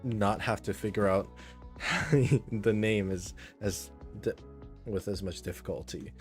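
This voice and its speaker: Low-voiced rambling male game streamer. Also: slow, faint music behind. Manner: rambling, chatty, reads chat aloud and greets viewers. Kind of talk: casual live stream chat.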